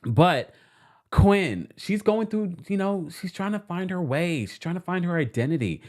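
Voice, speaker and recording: A man's voice: sits high, measured pace. A man hosting a casual reality TV recap stream, chatting and laughing and reading out viewer comments. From New York City. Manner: animated and chatty, laughing often. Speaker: host of a reality TV recap show.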